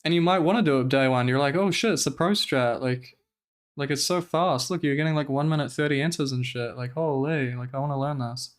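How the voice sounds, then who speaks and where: Smooth-voiced man ranting on stream. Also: medium pitch, fairly quick. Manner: animated, profane, exasperated ranting. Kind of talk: casual stream commentary.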